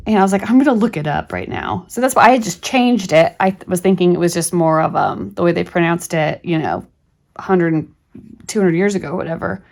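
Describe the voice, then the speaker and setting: A woman's voice: lowish voice, expressive, fairly quick, darkish tone. A middle-aged woman talking casually through a reading primer as a homeschool channel host, rambling with many fillers and restarts.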